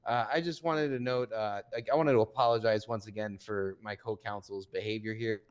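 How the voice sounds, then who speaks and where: A man playing a lawyer in an online roleplay, speaking hesitantly with many pauses and fillers. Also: lowish voice, fairly even intonation. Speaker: co-counsel in a roleplay. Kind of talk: in-character roleplay.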